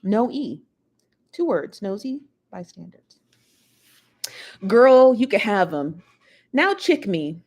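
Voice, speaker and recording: A woman's voice: mid-range voice, very animated, slow, long pauses, darkish tone. Chatty gossiping woman livestream host. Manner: chatty, laughs often, talks straight to viewers. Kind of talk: casual celebrity gossip livestream.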